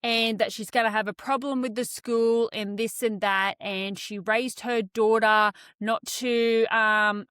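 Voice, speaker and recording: A woman tells a story in casual chat, animated, swearing and checking in with "right?" again and again. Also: mid-range voice, clean tone, no room sound, studio quality. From Australia.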